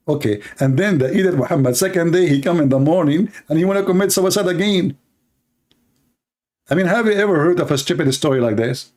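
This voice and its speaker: A man's voice: high-pitched, lively intonation, fast talker, darkish tone. A man from the Middle East, a native Arabic speaker with an Arabic accent, hosting a live debate in a sarcastic, mocking manner. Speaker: online debate host.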